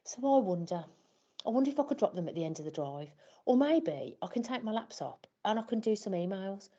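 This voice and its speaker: A woman's voice: mid-range voice, sing-song, a little fast, mellow, lo-fi sound. A woman telling a scripted first-person story as a flustered parent, wry and self-deprecating. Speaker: parent in a training scenario.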